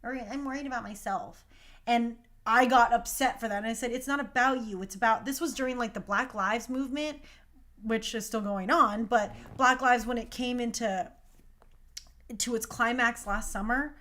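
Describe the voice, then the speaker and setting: Passionate young woman going off on a casual talk show rant, kinda high voice. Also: normal speed, fairly bright tone. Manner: impassioned, emphatic. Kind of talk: casual monologue.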